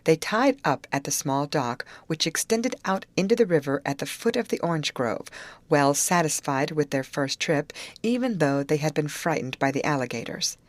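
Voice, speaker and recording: A woman narrating an audiobook aloud, voicing the characters' lines with higher pitch. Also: normal speed, no room sound. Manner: lively reading, raises pitch for the girls' lines. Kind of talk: scripted narration.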